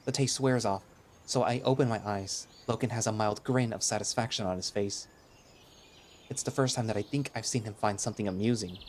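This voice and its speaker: A man narrating a first-person audio drama in a wry, expressive way. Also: lowish voice, fairly quick, a little hiss or hum. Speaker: narrator and lead voice.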